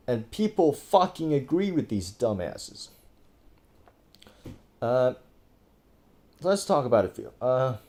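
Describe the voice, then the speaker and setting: Warm and mid-range, a Thai man's voice carries casual political commentary that is exasperated and profane, with plenty of fillers and restarts. He is indoors, talking over a screen recording.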